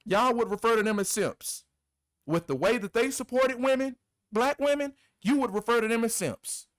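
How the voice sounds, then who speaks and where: A man's voice: very high voice, normal speed, no echo, studio quality. A man hosting his own video, giving a heated, repetitive, scolding commentary. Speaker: video host. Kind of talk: impassioned commentary rant.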